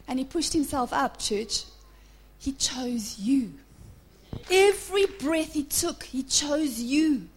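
A woman pastor delivers a sermon in a high voice. She swings between hushed whispers and loud, slow declarations, and she often calls out to the congregation. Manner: drops to a hushed whisper for emphasis.

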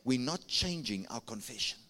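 A man's voice: expressive, normal speed, sharp tone. A male pastor with a South African accent preaching a sermon to his church, urging the congregation to answer and raise their hands. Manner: preaching with big pitch swings, coaxing the congregation.

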